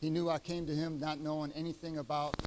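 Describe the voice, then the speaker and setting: A middle-aged man giving his retirement ceremony speech, heartfelt and halting, with many fillers and restarts. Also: fairly high pitch, level tone, darkish tone, a little hiss or hum, poor audio. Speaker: retiring chief master sergeant giving a speech. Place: ceremony venue.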